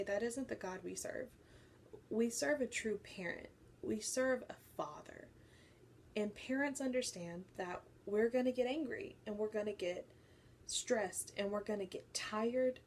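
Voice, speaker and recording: A young woman telling a personal faith story to her viewers, animated and acting out what people said. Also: medium pitch, a little hiss or hum. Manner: animated storytelling, acts out quoted voices. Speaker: faith vlogger. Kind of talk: personal testimony to camera.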